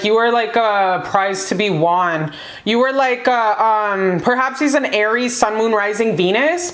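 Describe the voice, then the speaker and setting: A gushing, foul-mouthed woman with a fairly high voice, hyped up as she gives a casual pick-a-card tarot reading. Her voice rings around a roomy, echoey space.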